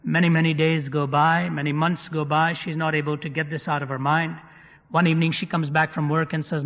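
A man's voice: on the high side, little pitch movement, fairly quick. A man preaching to a live audience, telling stories vividly with touches of humor. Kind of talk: sermon storytelling. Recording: dull recording in a reverberant hall.

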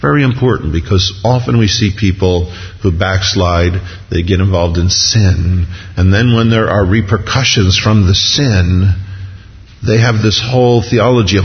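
Low-voiced male preacher in a reverberant hall. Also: unhurried. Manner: reads scripture then expounds, acting out voices with rising pitch. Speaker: pastor. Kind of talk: sermon. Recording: dull, lo-fi sound with long hall reverb.

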